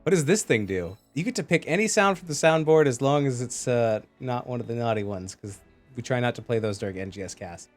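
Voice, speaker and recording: A man's voice: mid-range voice, lively intonation, a little fast, soft background music. Jokey male esports caster. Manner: jokey, chatty, reads out chat messages. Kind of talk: live esports commentary.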